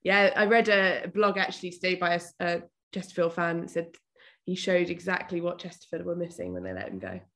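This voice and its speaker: A woman guest joins a relaxed football talk with a fairly low voice. She is cheerful and laughs easily, and she answers tricky questions diplomatically. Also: brisk. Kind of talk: casual football chat.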